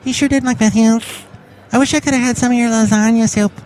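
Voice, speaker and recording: A man voicing a cheery chef supervisor in a high, chirpy, sing-song voice, with faint music behind. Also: steady tone, fast talker, darkish tone, rough recording.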